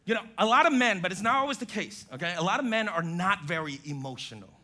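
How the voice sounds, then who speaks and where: Man preaching, high voice, lively pitch, bright tone, church sermon. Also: quick pace. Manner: animated, acts out spouses' quotes. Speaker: pastor.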